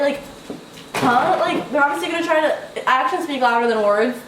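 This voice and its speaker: Fast-rambling young woman vlogger. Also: high-pitched, distant mic, background noise. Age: young adult. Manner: rambling, full of "like", swears freely. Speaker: vlogger giving relationship advice. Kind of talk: casual advice vlog. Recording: echoey room, away from the mic, faint ambience.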